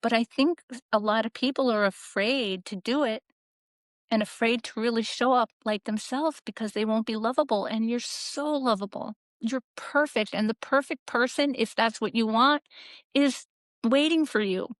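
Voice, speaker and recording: A woman's voice: fairly high pitch, moderate pace, no echo. A middle-aged woman as a podcast guest, candidly telling her story in an earnest, reflective way and acting out the voices she quotes.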